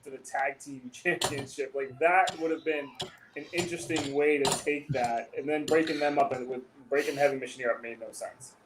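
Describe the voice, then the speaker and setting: A man's voice: a little high, fairly even intonation, a little fast, a crowd in the background, poor audio. A man guesting on a wrestling podcast, talking in a blunt, joking way. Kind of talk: casual podcast chat.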